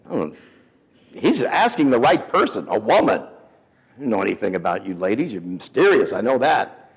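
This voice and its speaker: A man in his fifties telling a story as a sermon to students, folksy and animated, acting out the people he quotes. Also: lowish voice, moderate pace, breathy edge. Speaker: week of prayer speaker. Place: school chapel or auditorium. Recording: hall reverb.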